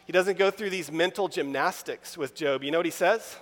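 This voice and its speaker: A man preaching a sermon, reading scripture aloud with rising emphasis and speaking in an animated, conversational way. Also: fairly high pitch, brisk. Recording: long reverb of a large hall.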